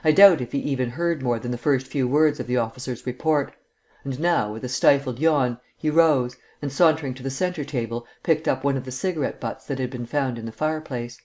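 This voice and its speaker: Man, audiobook narration, steady, even, literary. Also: mid-range voice, brisk.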